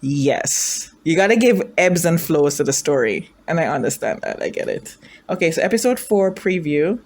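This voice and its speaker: A woman's voice: sits low, sing-song, moderate pace, a little mellow. Chatty woman reacting to a drama. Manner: chatty, thinking aloud, asks viewers questions; emotional, gushing. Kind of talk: casual reaction commentary.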